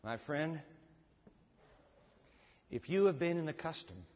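Male preacher, fairly high voice, big swings from hushed to booming, reverberant hall, dull sound. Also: very animated, slow pace. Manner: dramatic swings between booming and hushed delivery; asks the audience rhetorical questions. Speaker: pastor. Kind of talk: sermon.

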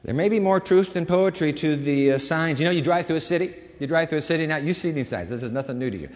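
Male pastor preaching in a high-pitched, dramatic voice, recorded with long church-hall reverb. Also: fast. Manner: animated, dramatic delivery with shifting volume. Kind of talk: sermon.

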